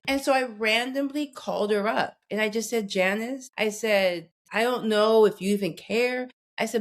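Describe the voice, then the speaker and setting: A woman's voice: on the high side, normal speed, hardly any pauses. A woman in her forties talking as a podcast guest, telling candid personal stories in an earnest, direct way. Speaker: guest expert on conflict. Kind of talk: casual podcast conversation.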